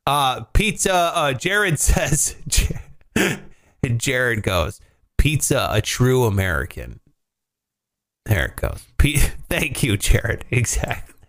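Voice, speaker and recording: A man's voice: mid-range voice, slow pace. A man hosting a casual comedy talk show, telling stories with lots of energy and swearing freely. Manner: animated storyteller, swears freely. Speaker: morning show host.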